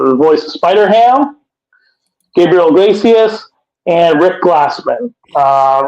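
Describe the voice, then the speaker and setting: Brief: plain-spoken co-host, slightly high voice, muffled lo-fi mic. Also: male voice, darkish tone. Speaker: podcast co-host. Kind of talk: casual podcast chat. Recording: dull lo-fi sound.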